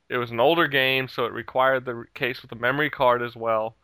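A man's voice: medium pitch, moderate pace, sharp tone, smooth, dry recording. A man telling a heated story in casual chat, swearing freely and laughing at himself along the way. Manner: heated, profane, laughs at his own story.

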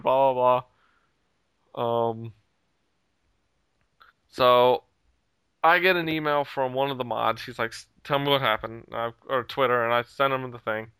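Guy ranting about a dumb online fight, bright punchy voice, clean and dry, swears a lot. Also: mid-range voice, measured pace, pauses often, smooth, no room sound. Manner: heated, profane, laughs at his own story. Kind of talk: casual storytelling rant.

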